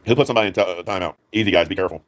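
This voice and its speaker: A man's voice: low voice, rapid-fire, fairly bright tone. A man ranting angrily on a live stream, swearing heavily and repeating himself. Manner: profane, heated, repetitive. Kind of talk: angry rant.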